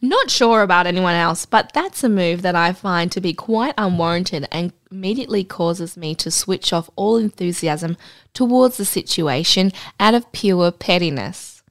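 A woman co-hosting a podcast, reading a listener's story aloud in a dry, deadpan way and adding blunt asides. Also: lowish voice, normal speed, no echo. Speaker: podcast co-host.

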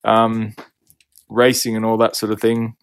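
A man's voice: fairly low pitch, completely flat delivery, measured pace, smooth, no room sound. A man hosting a podcast, tired at the end of a long day and recapping a bike trip from a backcountry hut in a rambling, jokey way. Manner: rambling, jokey, laughs often. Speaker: podcast host. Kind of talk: casual trip recap chat.

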